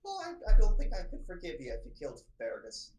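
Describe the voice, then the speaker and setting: A woman voicing a prickly older woman scholar who is fussy and easily riled, talking in a high, huffy voice. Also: wildly swooping pitch, quick pace, reverberant. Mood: indignant. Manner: huffy, flustered, high and sharp.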